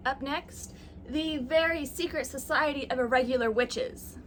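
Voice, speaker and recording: A woman's voice: sits high, unhurried, fairly bright tone, a little hiss or hum. A young woman talking casually on camera about her reading, chatty and self-mocking, with plenty of likes and ums. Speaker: booktuber. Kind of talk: casual chat.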